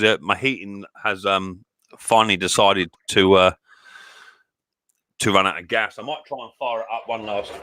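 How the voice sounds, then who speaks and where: Husky British man, bright dry voice. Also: on the low side, no echo. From Britain. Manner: chatty, rambling with restarts and fillers. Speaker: live stream host, mower repairer. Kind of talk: casual live stream chat. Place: small cold workshop shed. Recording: dry, close studio mic.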